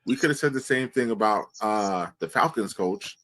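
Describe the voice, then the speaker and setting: A man's voice: on the low side, animated, moderate pace, a crowd in the background. A man co-hosting a sports podcast, chatting casually and pressing his opinions by repeating them. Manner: insistent, keeps repeating his point. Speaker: podcast co-host.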